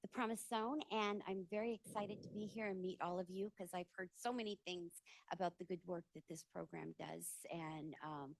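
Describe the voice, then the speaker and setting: A woman's voice: on the low side, steady tone, moderate pace, gravelly, no echo. A woman who manages a research lab, giving an earnest, plain-spoken introduction at a community meeting.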